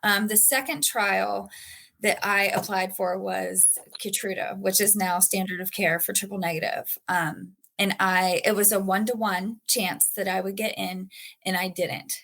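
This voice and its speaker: A woman's voice: medium pitch, fairly even intonation, unhurried, gravelly, fairly bright tone. Earnest woman sharing her story. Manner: earnest, emotional, with frequent fillers. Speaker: patient guest. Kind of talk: personal story in a podcast interview.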